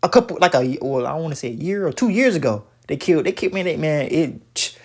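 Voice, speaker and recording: A man with a somewhat high, husky voice comments on a video he is watching. He preaches in an emphatic, repetitive way, full of profanity, and often stammers through restarts before landing his point. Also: animated, fast. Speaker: religious commentator reacting to a video.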